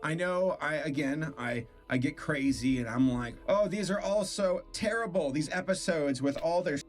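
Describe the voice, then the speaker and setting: A man's voice: fairly high pitch, normal speed, faint music behind. A man hosting a stream, reviewing a cartoon episode in casual, incredulous commentary, disgusted and laughing often.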